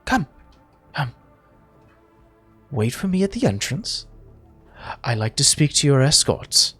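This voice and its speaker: A man voicing an older, hunched male mystic uncle who speaks in a low, hushed, measured way that slips into whispers. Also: big pitch swings, breathy edge, faint music behind, full character voice. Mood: hushed, grave.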